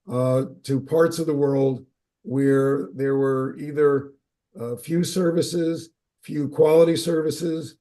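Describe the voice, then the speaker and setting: A man speaking as an expert guest in a webinar, measured and steady with occasional fillers. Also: mid-range voice. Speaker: autism services expert. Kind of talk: webinar discussion.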